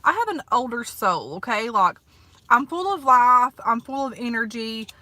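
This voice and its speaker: A chatty woman in her thirties with a Southern US accent, talking to her viewers from inside a parked car. Her voice is bright and a touch high, folksy and full of "honey" and "like". The talk is loose and casual. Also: animated, normal speed, dry recording. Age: 30s. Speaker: vlogger. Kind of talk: casual eat-with-me vlog chat.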